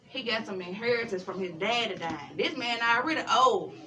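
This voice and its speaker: A woman's voice: fairly high pitch, moderate pace, a little hiss or hum. A woman with a Memphis Southern accent, telling a story casually at a family gathering and acting out the voices she quotes. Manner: animated, acts out quoted voices. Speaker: storyteller guest. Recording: distant mic, crowd chatter behind.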